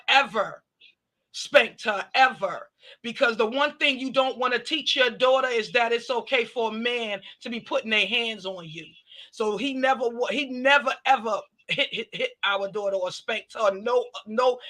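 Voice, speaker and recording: A woman hosting a casual live talk stream, retelling events in lively detail and acting out who said what. Her voice is bright and forward, with a quick, chatty delivery. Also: on the high side, rough recording. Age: adult parent. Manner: animated, retelling events with quoted dialogue. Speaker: talk show host.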